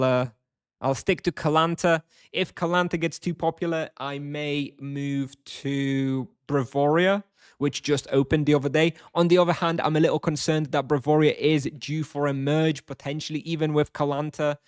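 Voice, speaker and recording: A man's voice: fairly high pitch, smooth, no echo, clean studio sound. A man streaming a game live, chatting casually and answering viewers at length. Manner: rambling, reads chat aloud and answers.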